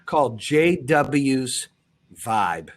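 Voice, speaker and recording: A man hosting a podcast, talking bluntly and with profanity, swinging between loud pushes and low, quiet stretches. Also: very animated, very slow. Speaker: podcast host. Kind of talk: intense motivational podcast talk.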